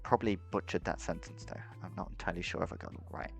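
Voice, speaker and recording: A man's voice: deep voice, steady tone, very fast, creaky, faint music behind. A young man casually teaching a beginner language lesson, rambling and correcting himself and laughing at his own mistakes. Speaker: self-taught language hobbyist teaching a lesson.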